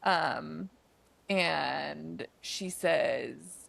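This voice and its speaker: A woman's voice: fairly low pitch, unhurried, fairly bright tone, no room sound. A woman co-hosting a podcast, casually retelling a movie's plot in a chatty way, with lots of "like" and "um" fillers. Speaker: podcast co-host.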